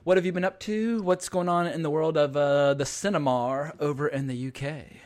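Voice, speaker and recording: A man's voice: fairly high pitch, normal speed, darkish tone. An American man hosting a casual podcast chat, enthusiastic, swearing casually and laughing often. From United States. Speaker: podcast host.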